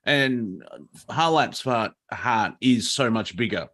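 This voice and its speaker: A man's voice: mid-range voice, expressive, slow pace, a bit bright. A man, co-hosting a comedy chat on a video call and telling rambling jokes and stories. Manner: rambling, joking storyteller. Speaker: comedian co-host.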